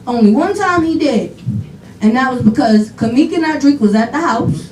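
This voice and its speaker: A daughter giving an animated eulogy at a funeral, telling laughing stories full of quoted dialogue. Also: female voice, high-pitched, normal speed. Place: funeral home chapel. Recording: echoey hall, voice from far off, faint noise.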